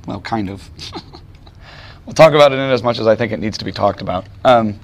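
A man's voice: on the low side, brisk. A man preaching a sermon to a room of students, conversational and emphatic. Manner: conversational, emphatic, voices quoted figures. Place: chapel or lecture room with audience.

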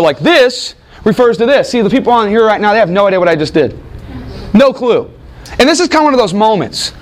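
A man with a notably high voice teaches a Bible class in a classroom. He talks in a loose, conversational way, stopping often to ask his students rhetorical questions. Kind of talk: classroom lecture.

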